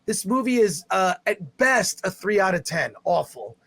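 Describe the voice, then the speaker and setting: A man's voice: sits high, big pitch swings, moderate pace. A man hosting a live stream, giving a rambling, exasperated spoken movie review. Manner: rambling, exasperated, with restarts and loud outbursts.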